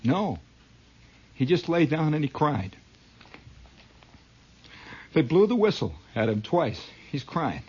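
A man's voice: fairly high pitch, sing-song, slow, pauses often, a little mellow, breathy edge. A man telling a comic story as a dramatic monologue, adding his own sound effects, on a dull lo-fi recording. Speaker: comedian.

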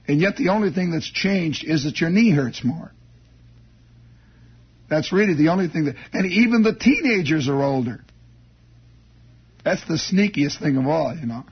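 A man's voice: fairly high pitch, breathy edge. A man telling a rambling comic story on the radio, wry and meandering, with chuckling asides. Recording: dull lo-fi radio broadcast.

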